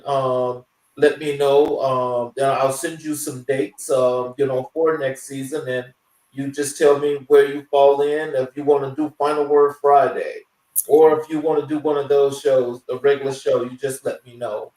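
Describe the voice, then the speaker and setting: A man hosting a talk show, wrapping up the episode in a halting way, full of fillers and restarts. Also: mid-range voice, level tone, a little mellow, reverberant, recorded from a distance, rough recording. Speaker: show host. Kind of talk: casual show wrap-up.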